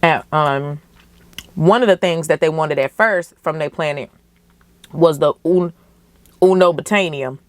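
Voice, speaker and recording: Podcast host, young woman, low voice, passionate casual movie reaction. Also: a little slow, pauses often, dry recording. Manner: animated, emotional, profane, slangy.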